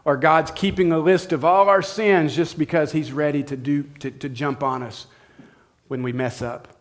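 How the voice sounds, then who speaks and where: With a steady tone and a higher-than-average voice, a middle-aged pastor preaches at a moderate pace. His sermon centers on a personal story told conversationally, with direct appeals to his listeners.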